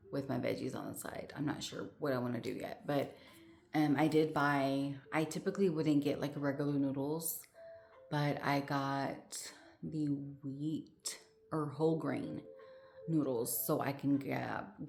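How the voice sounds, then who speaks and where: Woman, low voice, out of breath, rambling casual vlog chat, faint background hum. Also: fairly even intonation, unhurried, creaky, darkish tone. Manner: rambling, many fillers and restarts. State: short of breath. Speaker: vlogger.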